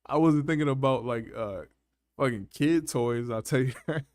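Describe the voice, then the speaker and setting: A man's voice: mid-range voice, slow, darkish tone, no echo, studio quality. A man hosting a casual live panel chat, laughing often and talking in loose, slangy banter. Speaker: panel host.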